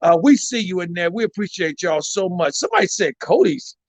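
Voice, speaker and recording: A man hosting a live stream, excitable, shouting out viewers and repeating his phrases. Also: high voice, fairly quick, few pauses, no echo. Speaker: livestream host. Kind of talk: hyped live stream chat.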